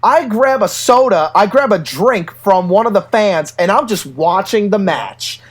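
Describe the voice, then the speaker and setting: A man in casual chat, telling stories in an animated way and laughing often. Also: sits high, unhurried. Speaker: podcast co-host.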